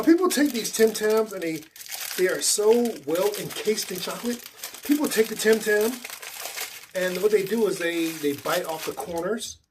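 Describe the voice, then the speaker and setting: A man hosting a casual snack review vlog, chatty and animated, talking straight to his viewers. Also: high voice, slight background noise. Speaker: vlogger.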